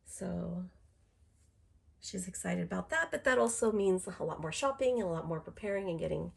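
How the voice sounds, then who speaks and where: A middle-aged woman talks casually to a live stream from home, her voice low and husky with a gravelly edge. She rambles, restarting sentences and leaning on fillers, and sounds congested from a cold. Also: normal speed, pauses often. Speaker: doll collector streaming live.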